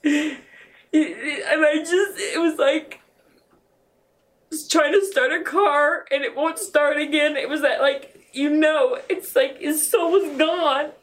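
A middle-aged woman telling an emotional personal account in a halting way, with many restarts, as an interview guest. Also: high-pitched, far from the mic. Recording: voice set back from the mic.

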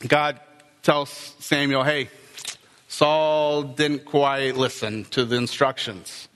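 Male pastor, slow-paced sermon, bright voice, long hall reverb. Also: medium pitch. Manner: animated storytelling with acted-out dialogue.

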